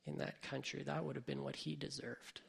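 A man's voice: medium pitch, level tone, brisk, gravelly, husky, exaggerated voice. A man voicing a resentful, bitter older brother, complaining in his own voice during a sermon. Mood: angry. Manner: bitter, self-pitying complaints.

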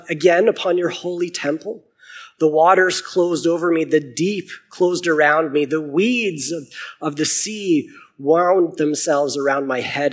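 Guy reading jonah's prayer, husky and earnest, bit high. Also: natural voice. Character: Jonah, a man praying from the fish's belly.

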